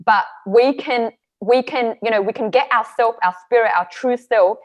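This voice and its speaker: Woman sharing her story on a video call, earnest, kinda high voice, keeps hunting for words. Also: normal speed, dull audio. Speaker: panel guest. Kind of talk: reflective personal sharing.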